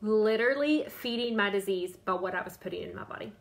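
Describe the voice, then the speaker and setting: On this Facebook Live, a woman in her thirties or forties speaks at a fairly quick clip with a medium-pitched voice. Working as a diet coach, she chats away, says things more than once, and greets viewers by name.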